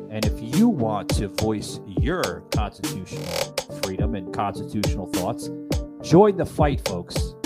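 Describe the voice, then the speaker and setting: A man hosting a political talk show, stammering often and repeating "folks". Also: lowish voice. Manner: stammering with many fillers, keeps saying folks. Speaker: host.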